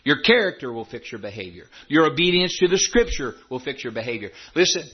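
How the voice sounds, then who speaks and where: A man's voice: mid-range voice, very animated, brisk, breathy edge, highs cut off. A middle-aged man preaching a sermon, emphatic, repeating phrases and stretching key words for effect. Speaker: pastor.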